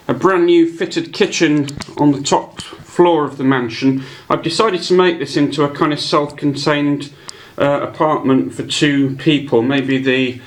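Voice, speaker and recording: A man giving a casual show-and-tell of his hobby models, rambling with many pauses and fillers. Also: a little high. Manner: meandering, many ums and uhs.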